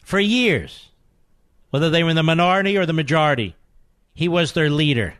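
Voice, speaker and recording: A male radio talk show host speaks in a slightly high, expressive voice at a brisk clip, leaving long pauses, in a radio studio on a studio microphone with no echo. His monologue is sarcastic and combative as he reads the news aloud, swinging between loud emphasis and muttered asides that interrupt it.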